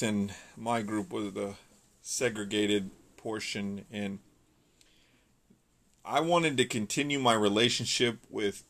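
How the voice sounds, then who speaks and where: A man's voice: fairly low pitch, fairly bright tone. Earnest young man telling his story. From California. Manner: earnest, rambling with many restarts and fillers. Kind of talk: personal testimony.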